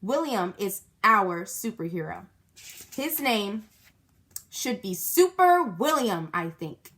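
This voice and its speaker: A woman voicing a bossy, excitable kindergarten girl who shouts with excitement. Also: medium pitch, slow pace, heavily acted. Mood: eager. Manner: loud, shouty, bursting with excitement.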